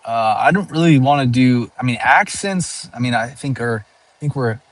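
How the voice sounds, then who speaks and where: A man's voice: medium pitch, expressive, moderate pace, no echo. A sleep-deprived comedian chatting casually as he drives, rambling with lots of fillers and restarts. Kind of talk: casual chat while driving. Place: in a car.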